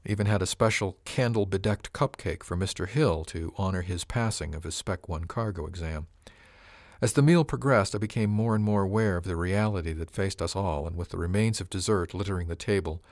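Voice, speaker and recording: Deep-voiced male audiobook narrator. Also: dry recording, clean studio sound. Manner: measured, even storytelling. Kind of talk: first-person audiobook narration.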